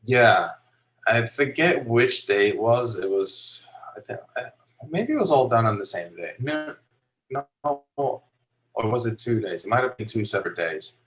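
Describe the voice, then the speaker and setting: A man from Finland, a podcast guest, telling stories in a loose, animated way with many fillers. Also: mid-range voice, a little slow, low-quality recording. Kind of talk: casual storytelling interview.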